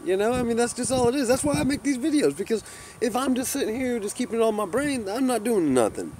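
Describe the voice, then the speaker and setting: A man's voice: very high voice, animated, fast, a little hiss or hum. Rambling, profane man vlogging. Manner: rambling and profane, constant "you know" fillers; gets loud and heated telling a story. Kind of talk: rambling casual monologue to camera.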